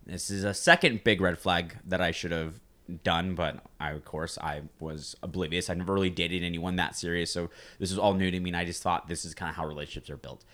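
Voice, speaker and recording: Deep-voiced young man telling a story. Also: steady tone, brisk, pushed and bright. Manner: loose, profane, rambling with many "like"s. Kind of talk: casual storytelling chat.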